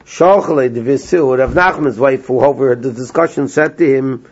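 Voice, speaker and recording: A man teaching a small class, retelling a story with lively energy and translating as he goes. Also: medium pitch, normal speed, slight background noise. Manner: animated storyteller, translating line by line, laughs often. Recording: lo-fi dull sound.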